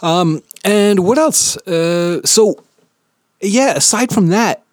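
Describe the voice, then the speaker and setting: A man's voice: high-pitched, animated, takes it slowly, no room sound, studio quality. A man from New Jersey, around his thirties, hosting his own podcast in a rambling, profane, self-deprecating chat. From New Jersey, USA. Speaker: podcast host. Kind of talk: casual solo podcast chat. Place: home basement.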